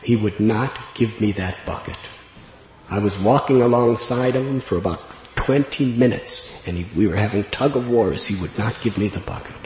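A man telling a devotional story in an earnest, reflective way, laughing gently at times. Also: fairly low pitch, moderate pace, slight background noise. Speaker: spiritual speaker. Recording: dull lo-fi recording in an echoey hall with long reverb.

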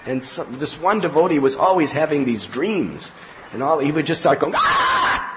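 Lively, high-voiced man giving a spiritual talk. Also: normal speed, slight background noise. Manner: animated storyteller, acts out scenes with laughs and cries. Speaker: spiritual teacher. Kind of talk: devotional talk with anecdotes. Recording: slightly muffled lo-fi recording with faint ambience.

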